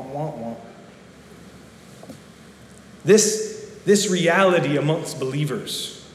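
A man's voice: a little high, slight background noise. A man giving a sermon as a pastor, earnest and given to repeating words as he speaks. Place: church sanctuary. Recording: echoey church hall with long reverb.

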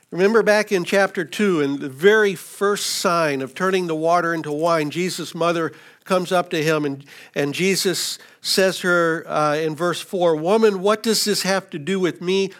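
A man's voice: high voice, moderate pace, a bit bright. A man preaching an expository sermon, teaching through scripture verses with frequent restarts. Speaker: pastor.

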